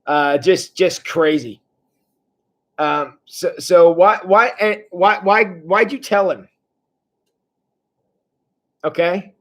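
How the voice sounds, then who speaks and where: A man with a high-pitched voice leads a livestreamed Bible study for his church. His delivery is casual and wry, full of restarts and chuckles as he comments on the text. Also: takes it slowly, pauses often, fairly bright tone.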